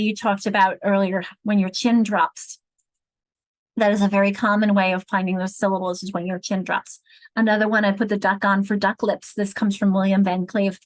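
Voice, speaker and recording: A woman's voice: mid-range voice, no room sound, low-quality recording. A woman leading a teacher-training session on reading, explaining patiently and checking in with rhetorical questions. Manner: explanatory, counts words aloud and asks rhetorical checks. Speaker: literacy trainer.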